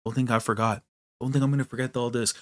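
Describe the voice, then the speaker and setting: Going through a manga, a male host reacts with emotion in a medium-pitched voice, speaking fast. His slangy, excitable commentary swings between grumbled dismay and loud exclamations.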